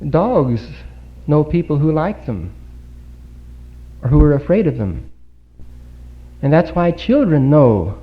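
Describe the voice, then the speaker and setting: Man, earnest sermon, slightly high voice, muffled lo-fi 1950s recording. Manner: earnest, rhetorical questions, dramatic pauses. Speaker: speaker giving a Bible talk. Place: congregation hall.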